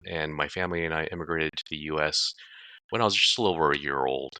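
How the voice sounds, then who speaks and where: A man from South Korea, a police chief as interview guest, affable and quick to laugh, often repeating words as he starts. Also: extremely low pitch, bright, forceful tone, dry recording. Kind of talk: casual interview conversation.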